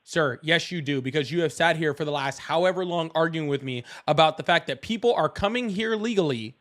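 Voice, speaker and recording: A high-voiced man hosts a live call-in debate, talking in a heated, profane, berating way. His pitch sits well above most men's. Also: brisk, a bit bright.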